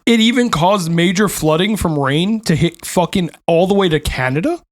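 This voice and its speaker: A man's voice: sits high, lively intonation, moderate pace. A man hosting a casual podcast, rambling through stories, laughing often and swearing freely. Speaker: podcast host. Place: New York.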